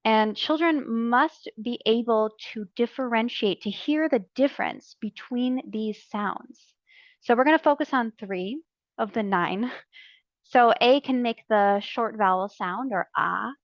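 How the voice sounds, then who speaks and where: Woman, educator, fairly high voice, dry close recording, clear deliberate teaching. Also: no room sound. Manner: clear, deliberate, explaining step by step. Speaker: early childhood educator presenting a training session. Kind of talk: instructional narration.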